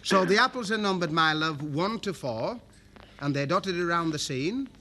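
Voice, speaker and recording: A man's voice: a little high, lively intonation, normal speed, pushed and bright. A man hosting a TV game show, jokey and chummy, calling everyone love and flower. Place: TV studio with live audience. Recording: old broadcast tape with audience and hiss. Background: studio audience.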